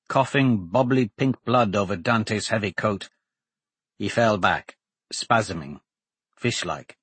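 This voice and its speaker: A man reads fantasy fiction aloud in a measured, dramatic storytelling manner. His voice is husky and mid-pitched, recorded dry and close with no room sound. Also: fairly bright tone, no room sound. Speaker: audiobook narrator. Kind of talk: scripted audiobook narration.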